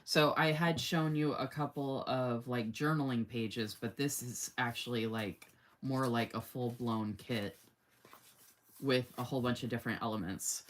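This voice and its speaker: A woman's voice: a bass voice, measured pace. Gushing woman hosting a live stream. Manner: gushing, enthusiastic, says "oh my gosh" often; reads viewer comments aloud. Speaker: host of a live sticker showcase. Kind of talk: casual live-stream chat.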